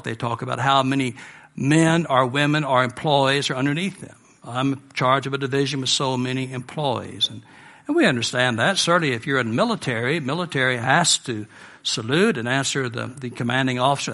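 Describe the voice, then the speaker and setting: An American man preaching a sermon in a relaxed, conversational storytelling manner with personal asides. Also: on the high side. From United States.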